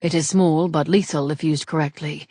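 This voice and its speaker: A woman reading the lines of a grave, teasing male rogue in a measured, dry manner. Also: deep voice, fairly even intonation, warm tone, no room sound.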